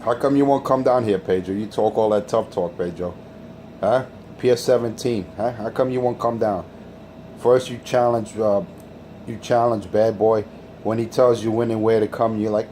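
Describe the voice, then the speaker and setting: A man's voice: lowish voice, steady tone, normal speed, dark tone, a little hiss or hum. A man hosting a crude, taunting radio rant. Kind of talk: insult-heavy radio rant.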